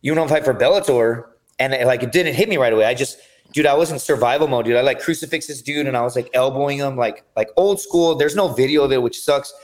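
A man guesting on a podcast, telling his fighting stories in an energetic, profane, rambling way. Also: mid-range voice, quick pace. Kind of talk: casual storytelling chat.

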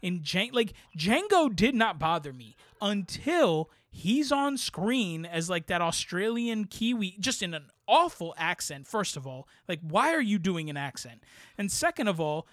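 A man co-hosting a podcast, reviewing a movie in casual chat, rambling and animated, often tagging "right?" onto his points. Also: high voice, unhurried, no room sound, studio quality. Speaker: podcast co-host.

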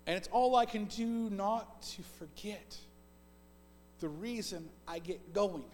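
A male pastor preaching a conversational sermon, swinging between loud emphatic bursts and soft, hushed stretches, often piling up repeated phrases. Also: high-pitched, slow pace. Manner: repetitive, list-like delivery. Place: church sanctuary. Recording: long reverb of a church hall.

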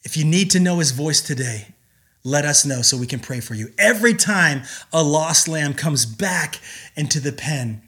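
Male pastor, slightly high, bright voice; earnest emphatic sermon delivery with pauses.

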